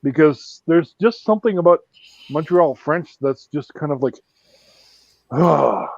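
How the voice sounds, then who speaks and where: A man's voice: on the high side, expressive, normal speed, darkish tone, no room sound, dull audio. A Canadian man hosting a casual live-stream chat, rambling with lots of fillers and restarts. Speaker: host.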